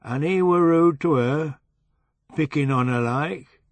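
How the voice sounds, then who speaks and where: A loud, beery Yorkshireman with a broad West Riding accent, put on by a male audiobook narrator. He is fat and drunk, and he talks bluntly in a raised voice pitched above his reader's own, with a dry, close sound. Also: takes it slowly, dry recording. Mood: blunt drunken. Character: fat drunk middle-aged Yorkshire man.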